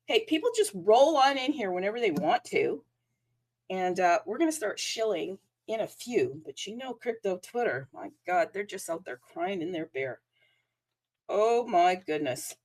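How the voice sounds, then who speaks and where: A woman's voice: mid-range voice, animated, moderate pace, darkish tone. A woman hosting a solo crypto livestream, chatty and bubbly, rambling with lots of fillers and asides. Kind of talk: casual solo livestream chat.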